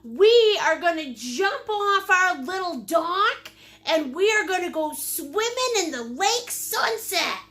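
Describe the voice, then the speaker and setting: A woman's voice: very high voice, very animated, takes it slowly, fairly bright tone. A woman hosting a live paint-along class, bubbly and silly, greeting viewers by name and teasing playfully. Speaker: painting instructor and host.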